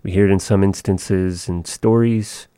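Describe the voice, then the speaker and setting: A man giving a language lesson, thinking aloud in a slow, measured way with frequent pauses. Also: sits low, steady tone, dark tone, slight background noise. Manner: slow, measured, pausing often. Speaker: language teacher.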